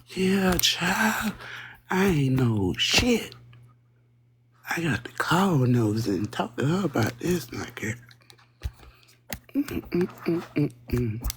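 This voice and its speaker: A woman's voice: deep voice, a bit bright, slight background noise. A woman hosting a live stream, chatting casually and profanely with her viewers and rambling from one thing to the next. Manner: profane, rambling, talks straight to her chat.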